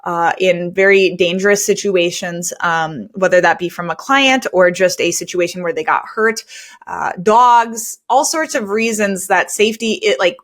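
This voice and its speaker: A woman's voice: on the low side, normal speed, a bit bright. A woman hosting a podcast for cleaning business owners. She talks in an earnest, conversational way and uses a lot of fillers. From United States. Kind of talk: candid storytelling podcast talk.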